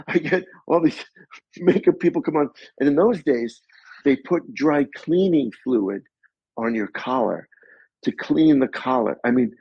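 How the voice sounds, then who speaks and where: A man being interviewed as a guest actor, telling animated stories and acting out other people's voices. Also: mid-range voice, vocal fry, slightly rough, no echo. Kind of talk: anecdotal storytelling. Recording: slightly muffled recording.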